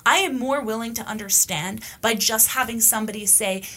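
A woman's voice: fairly high pitch, fairly quick, fairly bright tone. A woman hosting a podcast, talking in a casual, opinionated monologue, emphatic and blunt, with the odd swear word. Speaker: podcast host.

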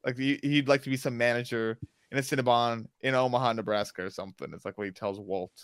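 A man's voice: mid-range voice, steady tone, fast talker, smooth, no echo. A man talks through a TV episode in loose, rambling sentences, often breaking off and starting again. His enthusiasm keeps pushing through as he goes. The sound is dry and close, with no room around it. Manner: rambling, self-interrupting, enthusiastic. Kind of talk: casual TV recap chat.

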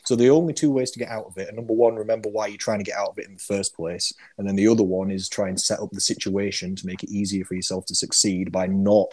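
Husky, low-voiced man. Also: flat delivery, fast talker, hardly any pauses, a little mellow. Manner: easygoing, laughs often. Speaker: podcast co-host giving diet advice. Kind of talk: casual chat.

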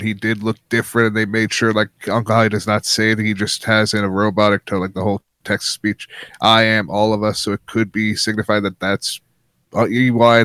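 A man co-hosting a casual wrestling chat podcast, explaining his points in an earnest, steady way. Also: fairly low pitch, dry recording. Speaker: podcast co-host.

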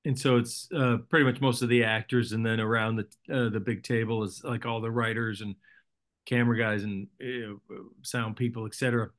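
Man, actor guest, casual interview, bright voice, rambling, self-deprecating humor. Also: medium pitch, flat delivery, brisk.

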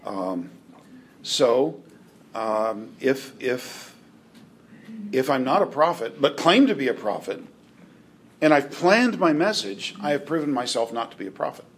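A man teaching a Bible class in a halting way, with restarts and dry joking asides. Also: medium pitch, slight background noise.

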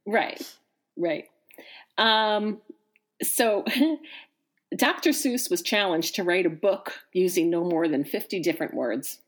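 A woman's voice: lowish voice, slow pace, pauses often. A woman co-hosting a podcast in casual chat, reacting often and laughing easily. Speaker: podcast co-host.

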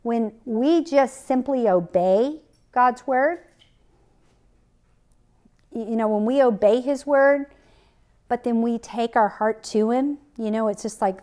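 On her faith podcast, a middle-aged woman tells a personal story with sincerity and quotes from scripture. She has a fairly high, warm voice and speaks slowly, pausing often.

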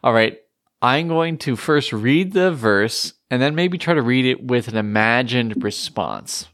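Guy cohosting a music podcast, jokey, reads lyrics out, normal pitch. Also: animated, unhurried, fairly bright tone. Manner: joking, reads lyrics aloud. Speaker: podcast co-host. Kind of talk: casual chat about a song.

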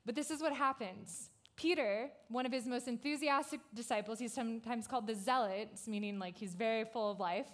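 Chatty woman pastor, higher voice. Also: brisk, hardly any pauses. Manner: casual, conversational, frequent "like" fillers; animated storytelling. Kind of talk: youth sermon.

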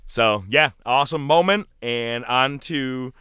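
A man co-hosting a podcast, telling wrestling stories in casual chat and loudly mimicking the wrestlers he describes. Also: mid-range voice, slow pace, clean tone, dry recording, clean studio sound. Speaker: podcast co-host.

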